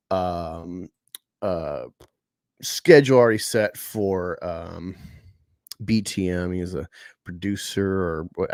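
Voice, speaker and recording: A man's voice: lowish voice, dry recording, clean studio sound. A man hosting a casual live stream about comic books. He rambles, swears freely and talks with sarcasm. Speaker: host. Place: home room at a table.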